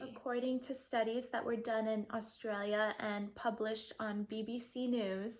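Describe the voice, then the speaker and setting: A woman giving earnest coaching advice straight to camera, asking her viewers rhetorical questions. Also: a little high. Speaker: feminine energy coach. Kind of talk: direct-to-camera advice talk.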